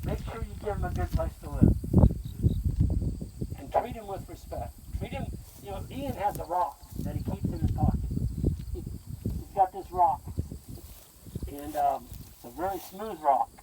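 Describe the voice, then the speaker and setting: A man's voice: high voice, expressive, unhurried, pauses often. A man who farms, teaching a group out on a pasture in a folksy, plain-spoken storytelling way. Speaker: farmer teaching a grazing school. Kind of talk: outdoor teaching talk to a group. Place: outdoors on a farm pasture. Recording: loud outdoor noise, far mic.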